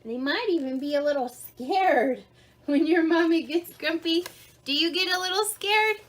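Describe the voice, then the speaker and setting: A woman reading a children's storybook aloud in an interactive read-along, animated, asking the listener questions and explaining words simply. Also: extremely high pitch, moderate pace.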